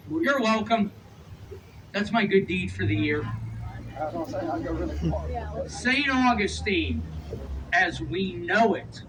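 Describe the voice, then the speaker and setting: A playful male tour guide with a fairly high voice, picked up from a few rows back on a phone. He cracks jokes at his passengers between facts, over a steady engine and street rumble. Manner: playful, teasing passengers, quick asides. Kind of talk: joking guided tour commentary over a speaker. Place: open-air tour train outdoors. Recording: distant voice over vehicle noise. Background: vehicle rumble and street ambience.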